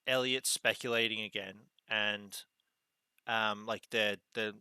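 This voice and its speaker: Man, lowish forceful voice, rambling TV recap, dry close mic. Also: fairly even intonation, slow, smooth, dry recording. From Australia. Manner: rambling, laughs often, retells scenes. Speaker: podcast guest. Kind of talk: casual episode breakdown chat.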